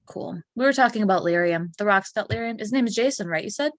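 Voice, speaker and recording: A woman playing a tabletop game, chatting casually with quick, swearing remarks. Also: medium pitch, lively intonation, dry recording. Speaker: player.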